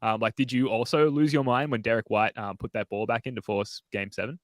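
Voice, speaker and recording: A man's voice: medium pitch, steady tone, fairly quick, dry recording, clean studio sound. A man hosting a casual podcast interview, asking loose questions full of fillers and laughing along with his guest. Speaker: podcast host.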